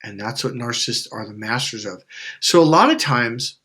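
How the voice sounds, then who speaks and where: A man's voice: medium pitch, lively intonation, moderate pace, pushed and bright. A man hosting a motivational coaching talk, speaking bluntly and emphatically with plenty of swearing and repeated phrases. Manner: acts out voices of people in his stories. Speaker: life coach and channel host. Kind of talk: direct-to-camera motivational talk.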